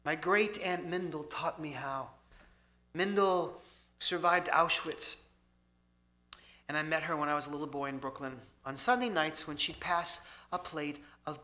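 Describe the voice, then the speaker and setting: In a synagogue hall, a male motivational speaker delivers an inspirational talk to a congregation in a fairly high voice at a measured pace. He swings between loud emphasis and hushed softness.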